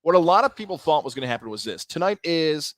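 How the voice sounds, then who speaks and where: A man co-hosting a sports radio show, telling stories in a casual, animated way and acting out quotes. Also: on the high side, fast. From Central New York. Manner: animated storytelling, acts out quotes.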